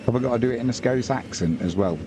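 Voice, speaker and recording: A man's voice: medium pitch, fast, noisy background. A man hosting a live football watch-along, commentating and chatting casually with viewers. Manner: chatty, talks to viewers and reads out chat messages.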